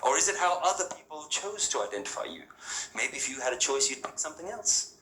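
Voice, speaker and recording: Talking fast with big pitch swings, this spiritual speaker has a slightly high, sharp voice as he engages a live audience in a hall. His style is casual and rhetorical, peppered with questions and "yeah?" and "right?" check-ins. Echo, faint ambience, and slight background noise fill the recording.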